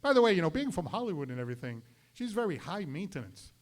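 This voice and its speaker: A man's voice: sits high, big pitch swings, quick pace. A man hosting a live variety show, delivering a stand-up comedy monologue and apologizing after his own jokes. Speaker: host. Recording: noisy live show recording.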